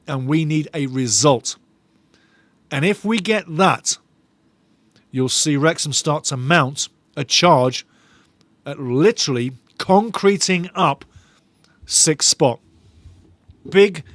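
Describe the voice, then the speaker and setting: A man with a slightly raised voice hosts a live football watch-along, reading viewers' comments aloud with eager enthusiasm. He tends to repeat his phrases. The sound is dry and close, with no room echo. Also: a little high. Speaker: fan channel host.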